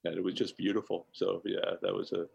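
An older man telling animated anecdotes as a podcast guest, often laughing between phrases. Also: low-pitched, a little fast, creaky, slightly rough, dull audio. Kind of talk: storytelling in a podcast interview.

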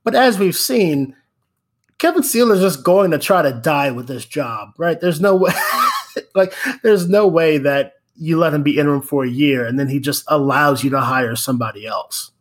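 A man's voice: a little high, animated, normal speed. Rambling man in casual sports talk. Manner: rambling, stumbles and restarts. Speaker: podcast co-host.

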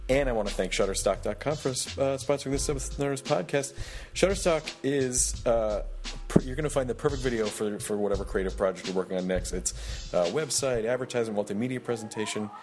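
A man's voice: medium pitch, quick pace, darkish tone, soft background music. A man hosting a podcast, reading a sponsor spot and intro in a rambling, jokey way full of fillers. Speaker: podcast host.

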